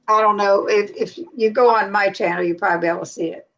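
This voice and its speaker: A woman's voice: mid-range voice, a bit bright, dull audio. Chatty woman hosting a live stream. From Cincinnati, USA. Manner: chatty, laughs often, quick asides. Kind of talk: casual chat.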